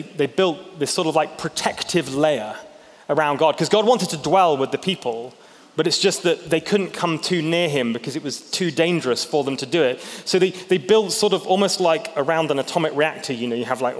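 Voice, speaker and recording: Animated preacher in a reverberant hall. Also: male voice, on the high side. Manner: conversational, animated, acts out biblical characters' reactions. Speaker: pastor. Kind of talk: sermon.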